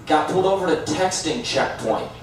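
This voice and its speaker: A male stand-up comedian telling dark jokes in a deadpan way. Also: fairly high pitch, a little fast, heavy background noise. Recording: distant mic, echoey hall, loud crowd.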